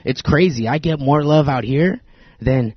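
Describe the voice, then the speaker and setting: A husky-voiced man in his thirties hosts a casual podcast chat. He stammers and repeats words as he goes. The sound is dry and a bit dull. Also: fairly high pitch, a little slow, dry recording. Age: 30s. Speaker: podcast host.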